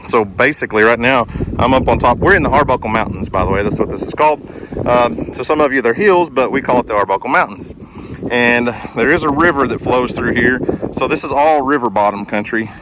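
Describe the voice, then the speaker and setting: A man of medium pitch, speaking a little fast, vlogs outdoors while climbing a wooded hill, breathless and full of amazed outbursts like "holy moly." He's a chatty homestead vlogger doing a casual walk-and-talk, with background noise on the recording.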